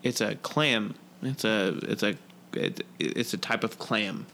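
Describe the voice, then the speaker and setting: A man's voice: on the low side, slow, bright, forceful tone, a little hiss or hum. A man co-hosting a casual podcast chat, rambling and swearing a lot, with frequent restarts. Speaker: podcast co-host.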